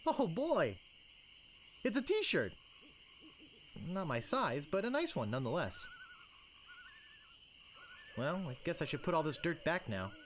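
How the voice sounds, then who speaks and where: A wry young pirate hero in a game, with a lively voice that swings up and down. He talks with deadpan humour. A faint hiss sits under the line. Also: fairly high pitch, unhurried, long pauses. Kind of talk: game dialogue.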